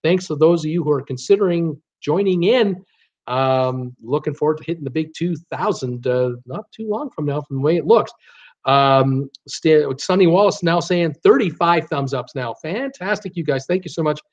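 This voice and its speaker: Brief: lively male live-stream host, somewhat high voice, dull lo-fi sound. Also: moderate pace. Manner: animated, reads comments aloud with frequent fillers and laughs. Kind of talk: casual live chat reading viewer comments.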